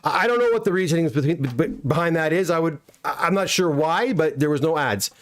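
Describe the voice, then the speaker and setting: Chatty middle-aged man, slightly high. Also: lively intonation, fast. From Canada. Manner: chatty and self-deprecating, reads out comments and answers each one. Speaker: comic book pressing business owner streaming a live unboxing. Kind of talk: casual live-stream chat reading viewer comments aloud. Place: home workshop.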